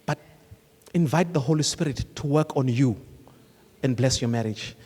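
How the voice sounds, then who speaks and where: A male pastor preaching live at a congress, animated and storytelling, often acting out couples talking. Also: mid-range voice, normal speed, husky. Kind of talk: live sermon. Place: large congress hall. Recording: long hall reverb from a live congress.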